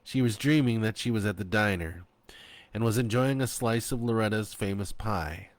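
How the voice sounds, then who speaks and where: A man narrating his own horror story in a slow, expressive reading. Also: fairly low pitch, no room sound.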